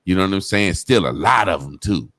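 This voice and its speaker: A man's voice: low-pitched, lively intonation, a little fast, fairly bright tone, dry recording. A man telling a childhood story in casual, profane talk, acting out the people he quotes. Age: adult.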